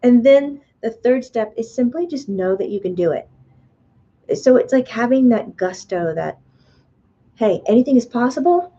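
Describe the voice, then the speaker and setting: Woman host, live web class, chatty and animated, mellow tone, dull lo-fi sound. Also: on the high side, moderate pace. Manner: animated, chatty, playfully acts out the mind's voice. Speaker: spiritual teacher and medium. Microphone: webcam or computer mic on a video stream.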